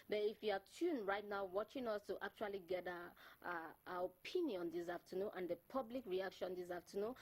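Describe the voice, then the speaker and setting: A woman hosting a talk show, animated and laughing often, stumbling and repeating words as she talks. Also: mid-range voice, slightly rough, rough recording. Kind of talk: bilingual talk show chat.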